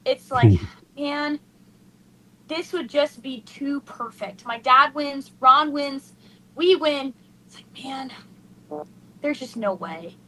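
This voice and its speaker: A woman's voice: high voice, takes it slowly, long pauses, slight background noise, low-quality recording. A young woman racing driver, gushing and tearful in an emotional post-race interview. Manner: excited, gushing, breathless with emotion.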